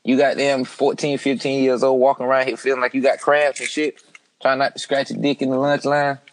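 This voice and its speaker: A man's voice: medium pitch, little pitch movement, a little fast, low-quality recording. Laid-back joking man, drawl. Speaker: podcast host. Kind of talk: casual crude group chat.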